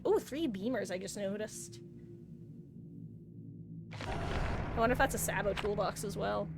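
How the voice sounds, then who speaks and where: A woman's voice: medium pitch, unhurried, long pauses, loud music behind the voice. A woman streaming live, chatting casually and cooing over her cat between game talk.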